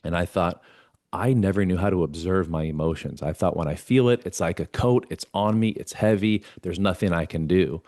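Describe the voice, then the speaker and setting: Deep-voiced man telling earnest stories. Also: moderate pace, a little mellow, no echo, clean studio sound. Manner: earnest, acts out quoted dialogue with himself and a mentor. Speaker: podcast guest. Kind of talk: conversational storytelling.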